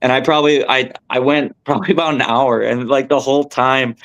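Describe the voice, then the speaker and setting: A young man, a tournament angler, telling a story as a podcast guest in a rambling, animated way with many fillers and restarts. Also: medium pitch, brisk. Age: young adult. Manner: animated, rambling, lots of fillers and self-corrections.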